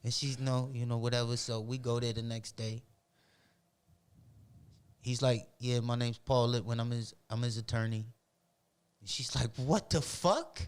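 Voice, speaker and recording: A man from Roxbury, telling animated, profane stories as a podcast guest in casual talk. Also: mid-range voice, normal speed, long pauses, clean tone. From Roxbury, Boston. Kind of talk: casual storytelling.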